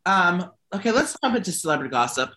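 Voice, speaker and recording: A gay man co-hosting a casual gossip chat, swearing freely and telling animated stories full of fillers. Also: high voice, quick pace. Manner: profane, animated storytelling with lots of fillers. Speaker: podcast co-host.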